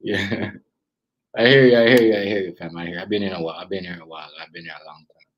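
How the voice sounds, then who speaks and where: A man's voice: low-pitched, fairly even intonation, racing, breathy edge, highs cut off. A man with a Jamaican accent chatting casually on a live stream, rambling and repeating himself as he greets viewers.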